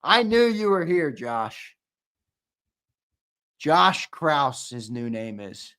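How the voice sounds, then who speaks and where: A young man hosts a casual live-stream giveaway, joking with viewers and ribbing them by name. His voice sits somewhat high, and he takes his time with each line. He punches out loud countdowns and drops into mumbled asides. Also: sing-song, takes it slowly, smooth. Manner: playful, teasing banter that swings between loud hyped countdowns and low mumbled asides. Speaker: show host running a live-stream giveaway.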